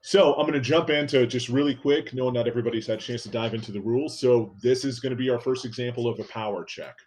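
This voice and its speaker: A man serving as game master for a tabletop role-playing game explains rules and narrates scenes in a relaxed way, using plenty of fillers. His voice is medium-pitched and fast.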